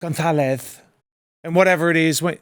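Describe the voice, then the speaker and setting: A man's voice: a little high, brisk, dry recording, studio quality. A man as a guest contributor, chatting casually and joking playfully. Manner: playful, joking, hesitant restarts. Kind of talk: casual chat.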